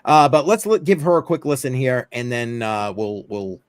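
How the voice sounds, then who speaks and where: He's the host of a chatty crypto news livestream, rambling casually with plenty of fillers and tossed-off asides. His mid-range voice moves at a moderate pace with a clean tone, captured close and dry with no room sound.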